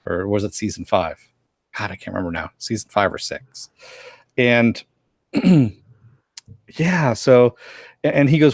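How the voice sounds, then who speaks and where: A man's voice: fairly low pitch, unhurried, vocal fry, pauses often, no echo, clean studio sound. A man casually recapping a cartoon episode with a co-host, now and then acting out the characters' lines.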